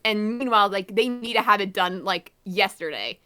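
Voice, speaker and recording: A woman's voice: mid-range voice, moderate pace, hardly any pauses, bright, forceful tone, smooth. A woman co-hosting a podcast in casual chat, ranting in an exasperated, blunt way. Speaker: podcast co-host.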